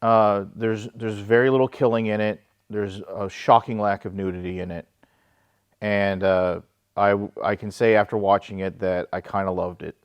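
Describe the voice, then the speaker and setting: A man's voice: lowish voice, level tone, normal speed, smooth, dry recording, muffled recording. A man hosting a casual film discussion, talking in a wry, joking way with frequent restarts. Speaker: host.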